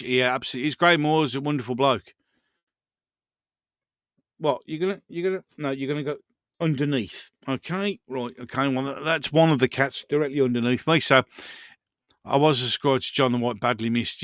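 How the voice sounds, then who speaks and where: A man's voice: mid-range voice, a bit bright, dry recording, studio quality. A man hosting a casual live stream, rambling through viewer comments and chatting to his pets.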